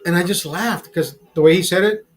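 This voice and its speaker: High-voiced, profane man rambling casually. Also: brisk, low-quality recording. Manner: profane, rambling, many restarts; calls the listener brother. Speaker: channel host. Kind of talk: casual storytelling over a beer.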